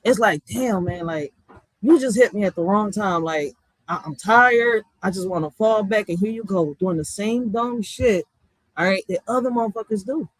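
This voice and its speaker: A woman from Philadelphia with a Philly accent, ranting bluntly and with a lot of swearing, going from loud outbursts to low muttering. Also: moderate pace, dry recording, rough recording. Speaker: vlogger. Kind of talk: heated profane rant.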